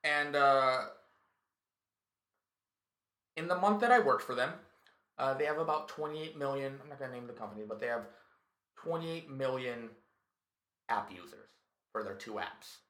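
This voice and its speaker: A male comedian telling a story in casual chat, profane and animated, acting out what people said. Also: medium pitch, normal speed. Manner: profane, animated, tells stories with acted quotes. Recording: echoey room.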